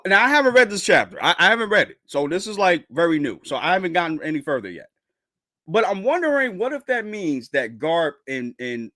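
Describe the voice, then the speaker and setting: Male streamer reacting live, slangy and excitable, wide-swinging pitch on the high side. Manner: excitable, loud outbursts, slangy, repeats himself. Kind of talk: excited live reaction, reading manga aloud. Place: home streaming setup with green screen.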